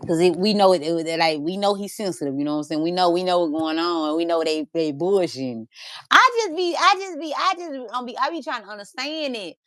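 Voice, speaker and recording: Podcast host, woman, rapid and lower-pitched, loose and swearing. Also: no echo, clean studio sound. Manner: animated, swearing, colloquial slang. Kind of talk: casual chat.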